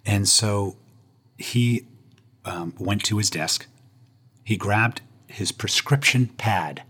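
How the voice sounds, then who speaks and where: Guy with a husky low voice, joking guest telling his story, deadpan punchlines. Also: slow pace. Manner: self-deprecating, punchline delivery. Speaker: interview guest. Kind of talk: humorous personal storytelling.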